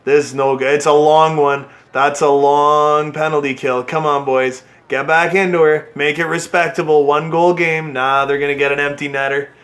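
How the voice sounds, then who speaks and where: A man giving excitable play-by-play commentary on a hockey video game he is playing, cheering and groaning at his team. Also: on the high side, moderate pace, few pauses. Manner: excitable play-by-play, yelling at the players. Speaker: gaming channel host.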